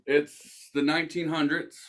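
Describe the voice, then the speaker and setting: A man's voice: on the high side, moderate pace. A young man hosting a casual podcast, telling a story with lots of swearing and acted-out quotes. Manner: animated, swears, acts out quoted voices. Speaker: podcast host.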